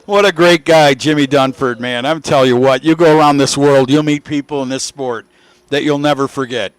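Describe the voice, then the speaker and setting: A man in his sixties commentating live drag racing, telling folksy stories and shouting when the cars run. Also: mid-range voice, brisk, smooth, no echo. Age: 60s. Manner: folksy storytelling, shouts with excitement at the action. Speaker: race commentator.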